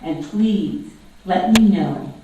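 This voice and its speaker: A woman voicing Creator as a patient female parent figure, gentle yet firm and measured, heard from far off in an echoey hall. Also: fairly low pitch, expressive, slight background noise.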